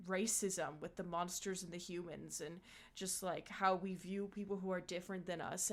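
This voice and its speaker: A woman's voice: medium pitch, fairly bright tone. A woman voice actor talking casually and eagerly about her past roles, with many fillers. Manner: chatty and enthusiastic, many fillers.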